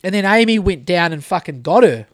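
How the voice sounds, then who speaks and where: High-voiced sweary New Zealand man. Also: animated, fairly quick, dry recording, studio quality. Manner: swears a lot, rambling storytelling. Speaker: podcast host. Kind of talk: casual chat.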